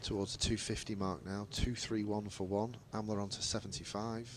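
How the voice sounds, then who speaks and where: A man's voice: lowish voice, level tone, fairly quick. A man giving ball-by-ball radio cricket commentary, lifting his voice on boundaries and chatting easily between balls.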